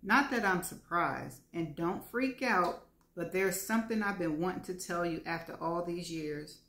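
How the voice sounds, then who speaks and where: A woman voicing an earnest, gentle middle-aged man confessing an old crush, in an echoey room. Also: fairly low pitch, a little slow. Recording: roomy echo.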